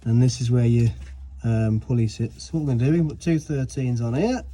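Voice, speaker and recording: A man's voice: medium pitch, brisk, dark tone. A man vlogging a car repair outdoors, chatting and explaining each step as he works. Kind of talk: casual hands-on vlog narration.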